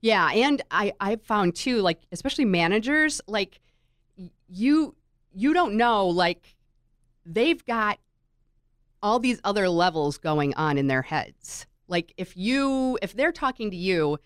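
A middle-aged mother in casual conversation, reflective and expressive, often repeating words as she thinks. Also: medium pitch, slow, dry recording, clean studio sound. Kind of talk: casual chat.

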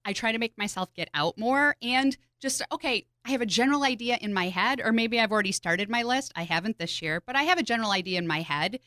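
A woman co-hosting a podcast in casual, chatty talk, gushing and quick to laugh. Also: fairly high pitch, expressive, pushed and bright, no echo, clean studio sound. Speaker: podcast co-host. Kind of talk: casual chat.

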